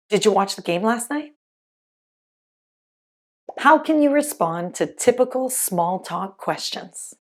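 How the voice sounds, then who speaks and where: Slow, careful woman teaching English. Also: mid-range voice. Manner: slow, careful, clearly enunciated. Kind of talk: scripted pronunciation lesson.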